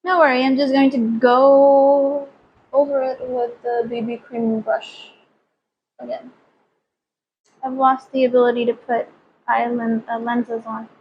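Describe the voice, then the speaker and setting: Young female vlogger, high and rambling, self-mocking; dull home recording. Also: level tone, measured pace, pauses often, slight background noise. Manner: self-deprecating, giggly, rambling. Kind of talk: casual makeup vlog chat.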